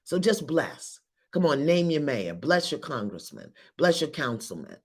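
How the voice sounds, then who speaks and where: A woman as spiritual teacher leading an online group in a guided blessing, urging listeners on with fervent, repetitive calls that swing between soft and loud. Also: deep voice, huge pitch swings, a little slow, husky.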